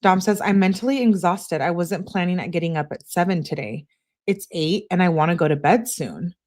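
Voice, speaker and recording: A woman's voice: on the low side, fairly quick, a little mellow. A woman hosting a true crime channel, reading text messages aloud in a plain way and spelling out abbreviations letter by letter.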